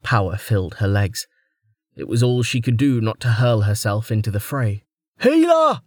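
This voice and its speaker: A man's voice: on the low side, fairly even intonation, normal speed, darkish tone, dry recording. A man narrating a fantasy audiobook with dramatic storytelling, close to the mic. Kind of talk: scripted narration.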